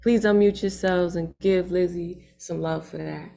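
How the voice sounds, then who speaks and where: A woman with a low, gravelly voice hosts an open mic over a video call. She talks in punchy, streetwise banter and keeps checking in with "right?" and "all right?". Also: fairly even intonation, a little slow, warm tone. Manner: emphatic, streetwise banter with frequent tag questions.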